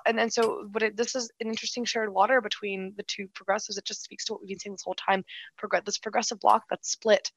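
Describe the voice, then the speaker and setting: A woman co-hosting a casual political chat, animated and quick, full of restarts and "like". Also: a little high, no room sound, rough recording. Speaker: political commentator, co-host.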